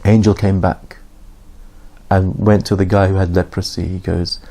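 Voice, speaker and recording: A man's voice: deep voice, level tone, normal speed, dark tone. A man giving an informal religious lesson, telling stories conversationally and acting out the dialogue. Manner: conversational storytelling, acts out dialogue with raised voice. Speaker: Islamic teacher.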